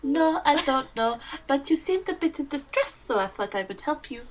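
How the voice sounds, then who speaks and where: A woman playing a timid, naive young male adventurer who speaks softly and earnestly. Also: high voice, big pitch swings, moderate pace, slight background noise. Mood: gentle.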